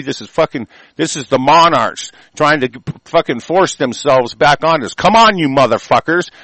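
A man's voice: on the high side, dry recording, poor audio. Man ranting with nonstop cursing. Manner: swears constantly, shouting insults. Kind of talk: profane angry political rant.

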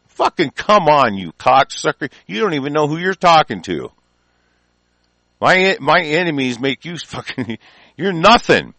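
A man's voice: a little high, sing-song, unhurried, sharp tone, dry recording. A man from the United States delivering an angry political rant, profane and combative throughout.

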